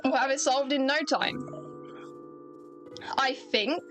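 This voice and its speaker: A woman's voice: sits high, music in the background. A woman voicing a bumbling, eager male police inspector in a video game, with an Essex accent and a hedging manner. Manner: hurried, hedging, unsure of himself.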